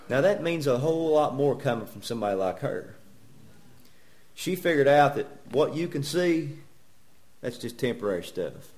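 A man's voice: medium pitch, animated, moderate pace, a little mellow. A man preaching a sermon in a church, folksy and joking, firing rhetorical questions at the congregation. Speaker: pastor.

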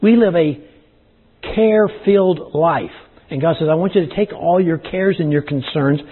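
A man's voice: fairly high pitch, moderate pace, husky. A man preaching a sermon to his congregation, folksy and plain-spoken, addressing them as y'all, with a dry throat. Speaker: pastor. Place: church service. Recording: tinny phone-like sound.

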